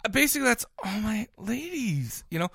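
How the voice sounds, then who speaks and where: A man's voice: high voice, very animated, brisk, creaky, pushed and bright, husky, no room sound, studio quality. A man co-hosting a podcast in casual banter, rambling bashfully with many restarts. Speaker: podcast co-host.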